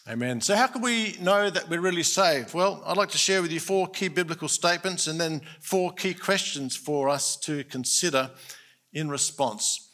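A man's voice: on the high side, normal speed, bright, forceful tone. A man preaching a sermon, earnest and emphatic, stressing key points. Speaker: pastor.

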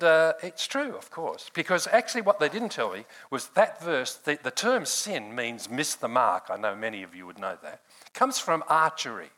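A man's voice: a little high, very animated, normal speed, pushed and bright, rough recording. An older man preaching a sermon in a conversational way, laughing often and calling on people in the room by name.

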